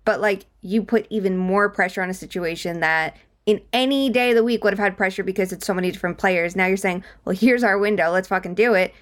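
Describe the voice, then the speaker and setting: A woman co-hosting a sports podcast who rants emphatically and swears freely. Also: mid-range voice. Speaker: podcast co-host. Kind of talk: casual chat.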